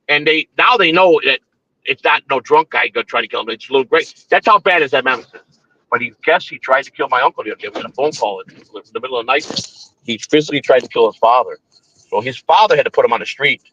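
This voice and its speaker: A man's voice: medium pitch, fast talker, pushed and bright, dry recording, highs cut off. A man hosting a morning show, telling a long story in casual, profane, rambling talk with frequent restarts. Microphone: streaming setup.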